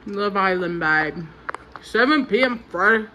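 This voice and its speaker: A woman's voice: medium pitch, lively intonation, unhurried, pushed and bright, a little hiss or hum. A young woman chatting casually in a personal vlog, candid and loose, swearing now and then. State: out of breath after a workout. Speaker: vlogger.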